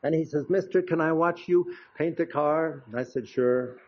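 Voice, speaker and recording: Older preacher telling folksy stories. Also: male voice, a little high, normal speed. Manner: chatty, anecdotal, frequent "you know" asides. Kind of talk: folksy storytelling sermon. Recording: dull lo-fi recording.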